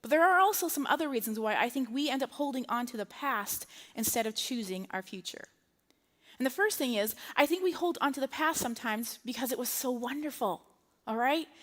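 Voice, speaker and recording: A woman's voice: high voice, lively intonation, normal speed, fairly bright tone. A woman preaching a sermon at a live church service in a chatty, humorous way. She keeps checking in with her listeners with "okay?" and "right?". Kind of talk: conversational sermon. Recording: echoey hall reverb.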